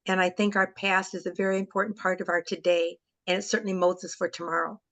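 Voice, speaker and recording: A woman's voice: fairly low pitch, flat delivery, fast talker, a bit bright. A woman hosting an online group talk over a video call, telling a personal story in a heartfelt, emotional way. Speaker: webinar host.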